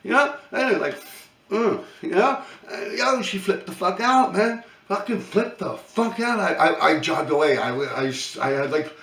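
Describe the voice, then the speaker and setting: A man's voice: high voice, lively intonation, normal speed, gravelly, hardly any pauses, fairly bright tone, reverberant, distant mic. A man in his fifties from New York City with a New York accent, telling profane, rambling stories with lots of laughing. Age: 50s. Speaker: vlogger. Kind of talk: casual storytelling rant.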